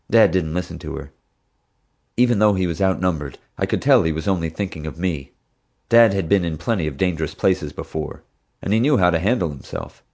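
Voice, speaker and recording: Deep-voiced male audiobook narrator. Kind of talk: scripted first-person narration.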